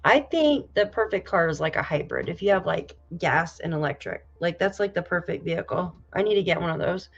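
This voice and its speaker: A woman from New York State hosting a casual livestream, reading viewer comments aloud and reacting with loud exclamations and casual swearing. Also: lowish voice, expressive, a little fast, creaky, hardly any pauses. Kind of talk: casual live chat. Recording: slightly dull lo-fi audio.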